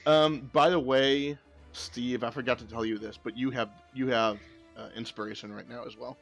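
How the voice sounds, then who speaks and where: A man running a tabletop game as game master, narrating casually with plenty of fillers and quick laughs. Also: medium pitch, fairly even intonation, vocal fry, fairly bright tone, faint music behind.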